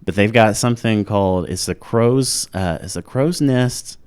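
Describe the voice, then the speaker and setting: A man's voice: on the low side, unhurried, a little mellow, clean tone, no room sound. A man, a stand-up comedian guest, telling stories in a laid-back, rambling way in casual podcast chat.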